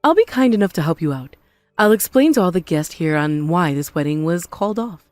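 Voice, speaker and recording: A woman voicing a spiteful, possessive mother-in-law in an animated story, scornful and melodramatic. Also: fairly low pitch, fairly quick, dry recording, soft background music, lightly acted. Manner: scornful, melodramatic, self-pitying.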